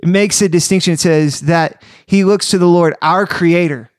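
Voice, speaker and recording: Podcast co-host, male, bright high voice, earnest teaching tone, dry studio sound. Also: fairly even intonation, no echo. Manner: earnest, preacherly, reads scripture slowly. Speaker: podcast co-host and youth leader. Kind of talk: casual faith podcast chat with scripture reading.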